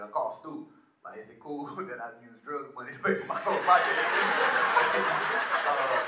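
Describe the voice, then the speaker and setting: A man tells a personal testimony to a live audience in a lively, slangy, conversational way, often turning to the crowd. His voice sits a little high and sounds bright and forceful. The room is echoey, with a faint hiss underneath. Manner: animated, conversational, slangy, addresses the crowd as y'all. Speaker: speaker sharing a personal testimony.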